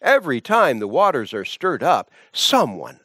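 A man's voice: medium pitch, huge pitch swings, moderate pace, sharp tone, breathy edge, dry recording, studio quality, full character voice. A man voicing an infirm man who answers with an excuse instead of a yes or no. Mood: pleading excuse.

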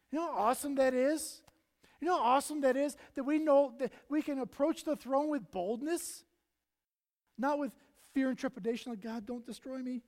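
A man preaching a sermon in earnest, his voice swelling loud and then dropping almost to a hush, acting out prayers and Bible figures as he goes. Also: very high-pitched. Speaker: pastor.

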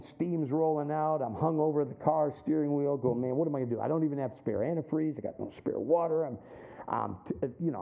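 Middle-aged man, lively storytelling preacher, somewhat high voice, phone-like tinny audio. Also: gravelly, a little hiss or hum. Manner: animated storyteller, acts out voices, drops low for points. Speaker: pastor. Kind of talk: sermon with storytelling.

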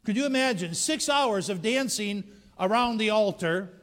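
A man preaching a sermon as dramatic storytelling, rising to shouts and dropping to hushed tones, in a church sanctuary. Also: sits high, expressive, moderate pace. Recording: long reverb of a large hall.

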